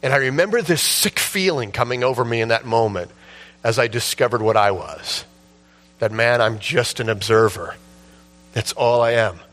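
A man preaching a sermon, telling a story with passion and building to shouts at its peak. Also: medium pitch, moderate pace. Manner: impassioned storytelling, rising to shouts at the climax. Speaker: pastor.

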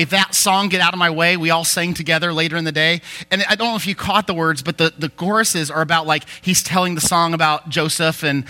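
A man gives a sermon in a loose storytelling way, with lots of "like" and quick asides. His voice sits high for a man and sounds very bright and sharp. He moves from anecdote back to scripture. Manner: animated storytelling, many fillers. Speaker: pastor.

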